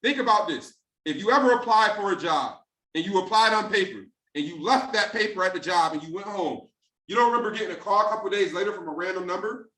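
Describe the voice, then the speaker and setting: A high-pitched man with a bright, forceful voice gives a motivational sales training on a group call. He talks in street slang and breaks into acted-out conversations in different voices. He sits a little back from the mic in a roomy, echoing space. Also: lively intonation, quick pace, far from the mic.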